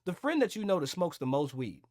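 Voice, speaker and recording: A man co-hosting a podcast in casual chat, animated and jokey with lots of slang. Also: on the high side, a little fast, no room sound, studio quality. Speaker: podcast co-host.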